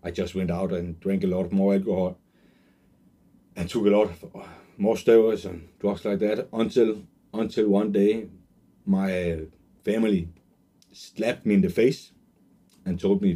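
Emotional young man with a dark husky voice. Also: deep voice, flat delivery, unhurried, pauses often. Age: 20s. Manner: earnest and emotional, many fillers and restarts. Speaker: online marketer pitching a course. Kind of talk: personal sales pitch.

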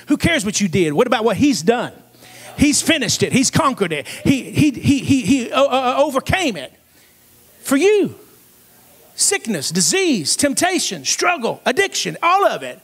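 A man with a strikingly high voice preaches a revival sermon in a church. He is fervent, calls on the congregation to answer back, and often climbs into shouts. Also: animated, normal speed. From Cincinnati area. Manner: fervent, call-and-response preaching, rising to shouts. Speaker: evangelist preacher. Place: church sanctuary.

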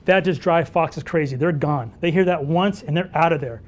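High-voiced animated male storyteller. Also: normal speed. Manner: animated storyteller who acts out dialogue. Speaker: wildlife photography instructor. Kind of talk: live workshop talk with Q&A.

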